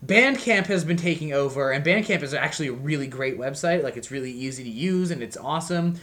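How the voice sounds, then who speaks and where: A man co-hosting a casual music podcast, rambling loosely and filling his talk with "like" and "um". He laughs at himself and talks in a relaxed, unpolished way. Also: on the high side, brisk. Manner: rambling, self-deprecating, lots of fillers. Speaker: podcast co-host. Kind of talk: casual chat.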